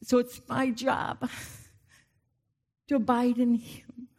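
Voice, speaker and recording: A woman delivers a sermon in a slightly high voice. She is openly emotional. She swings between loud, stirring exhortation and soft, intimate passages. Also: level tone, slow. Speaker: preacher.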